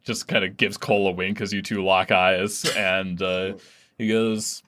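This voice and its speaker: A man's voice: low-pitched, little pitch movement, measured pace, pushed and bright. A man narrating as game master of a tabletop game, loose and full of fillers.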